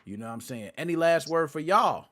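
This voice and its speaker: A man's voice: a little high, animated, brisk, a bit bright, slight background noise. A man hosting a casual gaming podcast, joking around in loose, slangy banter. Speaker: podcast host.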